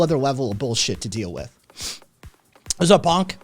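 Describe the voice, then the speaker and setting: A man hosting his own show, chatting casually and profanely with his live audience in a rambling, animated way. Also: mid-range voice, normal speed, soft background music. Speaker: podcast host. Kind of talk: casual livestream chat, reading chat.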